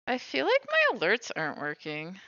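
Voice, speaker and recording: A woman's voice: medium pitch, huge pitch swings, moderate pace, pushed and bright, dry recording, lo-fi sound. A woman streaming while she bakes, chatting casually and thinking aloud as she cooks. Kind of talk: casual livestream chat while baking.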